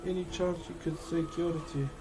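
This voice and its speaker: A man's voice: on the high side, fairly even intonation, very fast, crowd noise, poor audio. A young adult man with a New Zealand accent, chatting casually and laughing with his live-stream chat while he works on a woodcarving. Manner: laid-back, chuckling, friendly "bro" talk.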